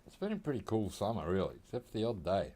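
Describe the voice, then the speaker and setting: Aussie streamer guy, low voice, easygoing rambling game commentary from home. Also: big pitch swings, fast, mellow. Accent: Australian. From Australia. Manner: laid-back, rambling, chuckling often. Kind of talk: casual gameplay commentary.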